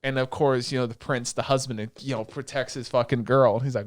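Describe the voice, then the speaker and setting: A man's voice: medium pitch, fast, few pauses, no room sound, clean studio sound. A man co-hosting a podcast, casually retelling an anime plot with acted quotes and swearing. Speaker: podcast co-host. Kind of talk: casual chat.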